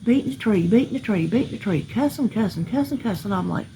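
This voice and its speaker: A woman telling a story about her neighbors outdoors in a folksy, emphatic, animated way. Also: mid-range voice, quick pace, background noise. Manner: folksy, emphatic, animated retelling with hollered quotes. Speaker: vlogger. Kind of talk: casual storytelling.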